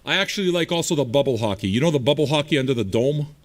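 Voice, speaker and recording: A streaming radio DJ answers viewers in a casual livestream chat, his medium-pitched, lively voice coming out rapid-fire. His banter is blunt, profane and combative.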